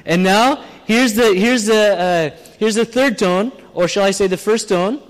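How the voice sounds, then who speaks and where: High-voiced male preacher in a reverberant hall. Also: measured pace. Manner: conversational, plain-spoken, with restarts. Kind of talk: sermon with audience exercise. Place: church hall with audience.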